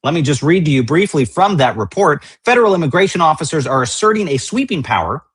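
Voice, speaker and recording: A man's voice: on the high side, animated, fast, fairly bright tone, breathy edge. A man hosting a political news show, delivering indignant commentary with emphatic, repeated rhetorical lines.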